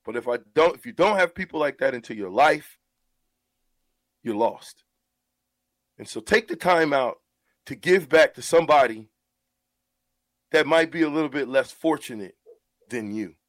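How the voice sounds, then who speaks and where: A man's voice: a little high, expressive, moderate pace, pauses often, no room sound. Earnest man talking on the radio. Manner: earnest, repeats words when emotional. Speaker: radio show host. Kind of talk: heartfelt radio talk.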